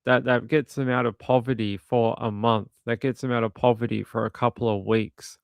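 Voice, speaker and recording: Gravelly man on a casual true crime stream. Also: mid-range voice, flat delivery, normal speed, no echo, studio quality. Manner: rambling and indignant, with frequent restarts. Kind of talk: casual commentary while watching videos.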